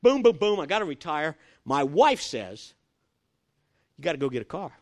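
Older man, preacher, sermon storytelling, animated pitch, acts out dialogue. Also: normal speed. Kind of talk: sermon with personal testimony story.

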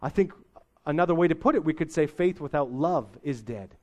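A man's voice: fairly high pitch, animated, brisk. A middle-aged man preaching a sermon as pastor, in a folksy, conversational way with homely sayings.

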